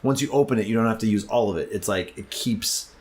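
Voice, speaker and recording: A man's voice: on the low side, fast, a little mellow. A man co-hosting a comedy podcast, rambling casually with lots of fillers and restarts. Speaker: podcast co-host.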